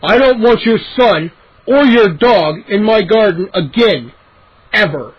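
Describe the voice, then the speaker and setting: An enraged middle-aged gardener roaring and shrieking in a husky, high-strung voice, as a man reads him in a storybook. The recording is dull and lo-fi. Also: animated, unhurried, dry recording, heavily acted. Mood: furious. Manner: shouting, roaring. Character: furious middle-aged male neighbor gardener.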